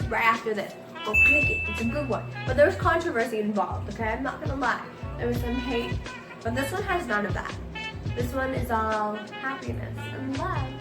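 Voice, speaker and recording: A bubbly woman with a fairly high voice who jokes her way through a vlog. The room is echoey, with music and a crowd behind her. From Philippines. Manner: bubbly, jokey, playful. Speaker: vlogger host. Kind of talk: chatty vlog monologue and street interviews.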